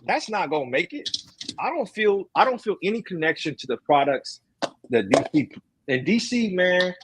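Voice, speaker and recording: Husky, high-voiced man ranting. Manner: animated, emphatic ranting with slang. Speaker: streamer host. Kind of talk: casual chat.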